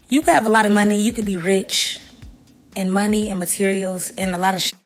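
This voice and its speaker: A woman in a heated, profane rant, cursing and lecturing in a casual way. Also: mid-range voice.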